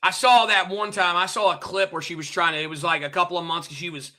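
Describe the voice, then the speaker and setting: This man's voice sits high, with a fairly even intonation and a quick, pushed, bright delivery. Hosting a livestream, he unloads a heated, profane, repetitive monologue on his chat, firing rhetorical questions straight at them.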